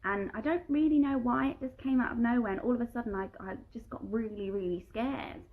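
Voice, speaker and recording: A woman's voice: a little high, brisk, narrow, tinny audio. A woman and musical theatre performer chatting casually at home, reading fan questions aloud and answering them with giggles. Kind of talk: casual live-stream Q&A chat. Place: at home during isolation.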